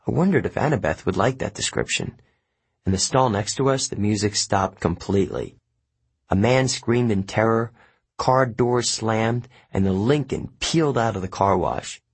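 A male audiobook narrator with a slightly low, husky voice. He reads in a steady, even storytelling manner. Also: normal speed. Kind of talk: scripted narration.

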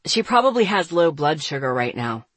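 Easygoing young man, voiced by a woman, deeper voice, placating, dry close sound, audiobook. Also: very animated, moderate pace, a bit bright, slightly rough, no room sound, full character voice. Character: young man, smooth excuse-maker.

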